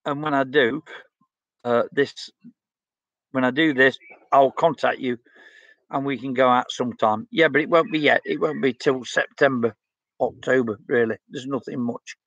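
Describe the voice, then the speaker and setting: A man's voice: mid-range voice, fairly even intonation, moderate pace, a bit bright, no echo, dull audio. A blunt, outspoken man, chatting casually as he reads out viewer comments on his stream. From England. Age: 60s. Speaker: livestream host.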